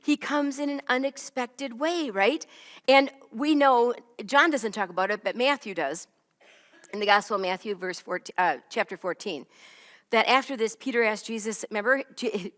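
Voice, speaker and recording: A woman's voice: on the high side, normal speed, a bit bright, in a large hall. A woman teaching a Bible lesson in a conversational way, often checking in with "right?" and "okay?". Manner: chatty, keeps asking "right?" and "okay?".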